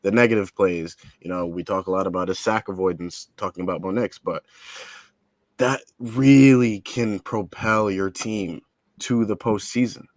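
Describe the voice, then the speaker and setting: A man co-hosting a sports podcast, talking in a measured, steady way about the team's season. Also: fairly low pitch, dry recording. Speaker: podcast co-host. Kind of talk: casual sports talk.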